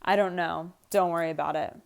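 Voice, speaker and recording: A woman's voice: on the low side, steady tone, fairly quick, creaky. A woman reading aloud the lines of a weary, patient young wife from a script. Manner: read aloud from a script, lightly acted.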